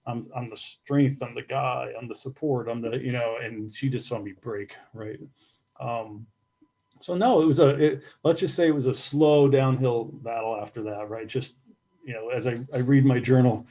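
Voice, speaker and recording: A middle-aged man, a former fire captain, speaking candidly in an interview, halting and repeating words as he reflects. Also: medium pitch, mellow, poor audio. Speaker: retired fire captain, guest.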